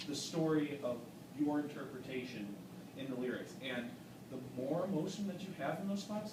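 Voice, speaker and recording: Encouraging male vocal coach, roomy and distant. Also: on the high side. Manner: encouraging, explanatory, with frequent "um"s. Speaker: vocal adjudicator. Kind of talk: masterclass critique. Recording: echoey room from a distant mic with background noise.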